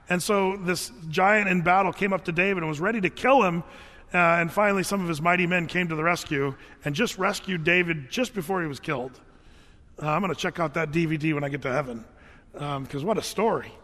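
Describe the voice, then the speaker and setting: A man's voice: high-pitched, fairly bright tone, big-room sound. A middle-aged man preaching a sermon in a conversational way, with casual fillers and restarts. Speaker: pastor.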